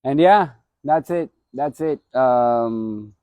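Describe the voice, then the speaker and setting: Mellow-voiced man rambling on a live stream. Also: mid-range voice, drawn-out words, dry recording. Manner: rambling, repeats his phrases. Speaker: former boxer hosting a live stream. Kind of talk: casual live-stream reminiscence.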